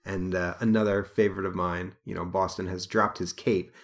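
A man's voice: low-pitched, level tone, normal speed, creaky. A man hosting a podcast, rambling through a casual comic book review with many fillers. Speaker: podcast host.

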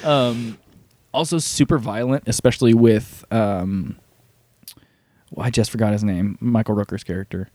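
A man co-hosting a podcast in casual chat, animated and profane, often laughing as he retells scenes. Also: on the low side, normal speed, dry recording. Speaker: podcast co-host.

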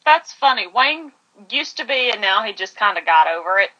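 A woman from the American South, co-hosting a podcast in casual chat, lively and quick to laugh. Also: medium pitch. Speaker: podcast co-host. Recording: dull, muffled audio.

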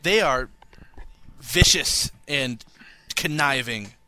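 A man's voice: mid-range voice, expressive, slow pace, bright, forceful tone, no room sound. A man co-hosting a casual podcast, reading listener mail with jokey asides and frequent laughter. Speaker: podcast co-host.

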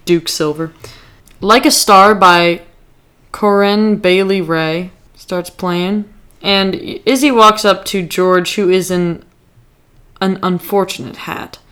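A woman's voice: medium pitch, fairly even intonation, takes it slowly, fairly bright tone, clear, resonant tone. A woman co-hosting a casual podcast, chatting animatedly about a TV episode with lots of filler words. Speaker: podcast co-host. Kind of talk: casual chat recapping a TV episode.

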